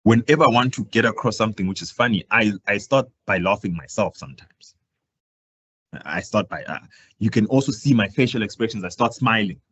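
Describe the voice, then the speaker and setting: A man gives a career talk on public speaking, projecting loudly and swinging his voice up and down to demonstrate. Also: animated, a little fast, breathy edge, highs cut off. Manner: projecting louder than usual, swinging his pitch and volume up and down to demonstrate. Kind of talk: live workshop presentation.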